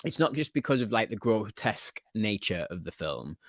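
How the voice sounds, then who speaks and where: A man with a Geordie accent, from Newcastle, hosting a casual film chat, animated and swearing freely. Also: lowish voice, moderate pace, dry recording, clean studio sound. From Newcastle, England. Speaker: podcast host. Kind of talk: casual chat about films.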